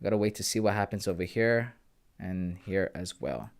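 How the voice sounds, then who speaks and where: A young man, chatting casually on a trading livestream, laid-back and slangy, reading out comments and breaking into loud shout-outs. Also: deep voice, animated, normal speed, gravelly, no echo. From Canada. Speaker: live-streaming forex trader.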